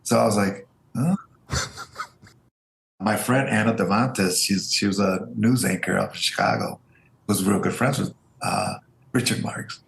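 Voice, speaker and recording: Gravelly man telling stories in a roomy space. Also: on the low side, measured pace. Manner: animated storyteller, acts out quoted voices. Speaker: interview guest, Air Force veteran. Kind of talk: casual storytelling interview. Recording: roomy echo.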